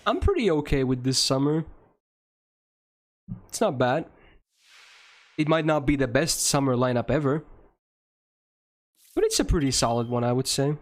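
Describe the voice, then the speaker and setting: A young male streamer talks casually to his viewers as he plays a game. His delivery is loose and rambling, and he swears freely. His voice sits at an ordinary middle pitch for a man. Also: lively intonation, normal speed, long pauses. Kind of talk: casual chat answering viewers while playing a game.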